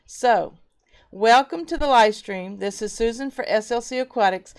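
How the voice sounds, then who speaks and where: A woman's voice: medium pitch, moderate pace, vocal fry, clear, resonant tone. A woman hosting a casual live stream from her home fish room, greeting viewers by name and reading their comments aloud into a webcam.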